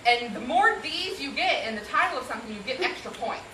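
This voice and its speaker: Woman, party storyteller, laughs a lot, bright-ish voice, echoey distant noisy recording. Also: high-pitched, brisk. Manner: laughing often, animated storytelling. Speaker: wife giving a birthday roast speech. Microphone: distant camera.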